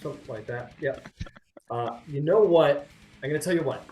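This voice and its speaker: A man's voice: fairly high pitch, normal speed, a little mellow, muffled recording, a little hiss or hum. A man narrating a tabletop game as game master, in a loose, rambling way with lots of fillers. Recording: roomy sound with faint music.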